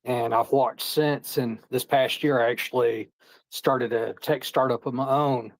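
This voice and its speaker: A man from Indiana calling in to an online chat, calmly explaining his work. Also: medium pitch, measured pace, no echo, rough recording. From Indiana, United States. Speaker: caller. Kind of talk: casual conversation. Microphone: online audio call.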